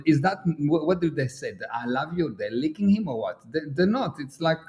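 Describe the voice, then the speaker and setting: Animated higher-voiced man. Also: a little fast. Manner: animated storyteller, acts out quotes. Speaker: host. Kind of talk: casual livestream chat.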